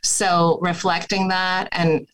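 A woman couples therapist, a guest in an interview, explaining her technique and acting out gentle therapist phrasing in her own voice. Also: on the low side, level tone, takes it slowly, rough recording.

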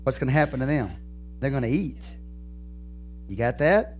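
A man with a Texan accent, a pastor preaching a sermon, moving from calm teaching to loud, fervent preaching. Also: mid-range voice, normal speed, faint music behind.

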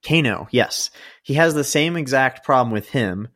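A podcast co-host talks in a wry, animated way. Their pitch swings widely through casual chat. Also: normal speed.

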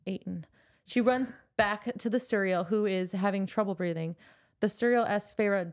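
A woman's voice: medium pitch, normal speed. A young woman co-hosting a casual book podcast, retelling the story with laughs and playful swearing. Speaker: podcast co-host.

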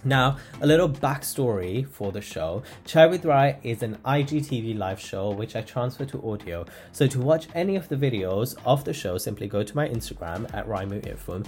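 An enthusiastic man hosts a podcast. His voice sits in the middle of the usual range for a man. He reads the opening with energy and then slips into warm-hearted ribbing with his guest. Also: medium pitch, animated, moderate pace, hardly any pauses, faint music behind. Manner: upbeat, enthusiastic, teasing. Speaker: podcast host. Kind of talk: scripted intro then casual chat.

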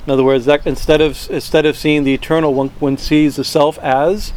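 A man teaching a verse-by-verse scripture class, chanting Sanskrit words slowly and then translating them, with many fillers and restarts. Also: a little high, little pitch movement, a little mellow.

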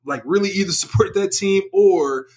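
A young man is a guest on a casual podcast. His voice sits slightly high. He rambles and leans on fillers. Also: moderate pace, a little mellow. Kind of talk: casual chat.

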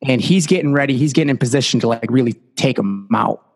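Guy on a podcast spinning a story, animated, lots of likes, echoey room. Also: medium pitch, fast. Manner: animated, lots of fillers like "like" and "you know". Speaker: podcast guest. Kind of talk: casual storytelling.

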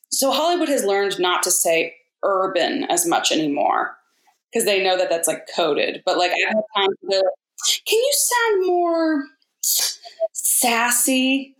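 A woman voice actor talking candidly in a casual interview, animated and quick to mimic people in her stories. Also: lowish voice. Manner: candid, animated storyteller who mimics others. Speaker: voice actor guest. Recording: roomy echo.

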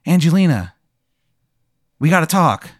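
A man voicing an anxious talking skull tattoo that urgently warns someone to keep quiet. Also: a little high, very animated, unhurried, no echo, clean studio sound, voice pushed up. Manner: urgent, secretive.

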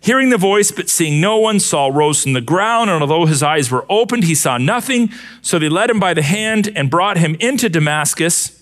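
A male pastor preaching a sermon, expressive and using vivid rhetorical questions. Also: on the high side, normal speed.

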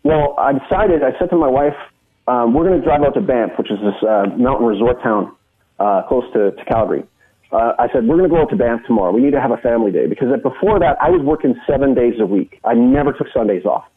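Husky man telling his story over a tinny line. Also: mid-range voice, lively intonation, fast. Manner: earnest storytelling with frequent restarts. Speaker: guest. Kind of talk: personal testimony in a conversation. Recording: tinny phone-line sound.

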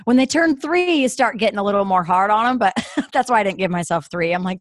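A woman co-hosting a podcast in a casual faith talk, speaking in a gentle, encouraging and chatty way. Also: mid-range voice, animated, brisk, dry recording, clean studio sound. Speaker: podcast co-host.

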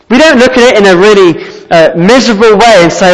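A man's voice: sits high, expressive, brisk, hardly any pauses, big-room sound, rough recording. A man preaching a sermon, earnest and emphatic, repeating his key phrases.

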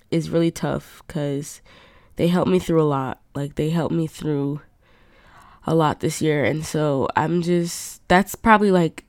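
A woman's voice: low-pitched, clear, resonant tone, dry recording, clean studio sound. A young adult woman hosting her own podcast, chatting candidly in a rambling way with lots of fillers. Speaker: podcast host. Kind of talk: casual solo podcast chat.

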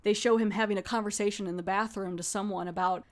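A woman's voice: mid-range voice, fairly even intonation, quick pace. A woman casually reviewing a horror anthology film, retelling scenes in a chatty way with quoted lines. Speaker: movie reviewer.

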